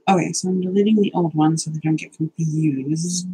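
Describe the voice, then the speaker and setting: A woman's voice: deep voice, fairly even intonation, normal speed, mellow, breathy edge, low-quality recording. A young woman hosting a casual live stream, chatty, nervous and self-deprecating, swearing now and then as she sorts out technical problems.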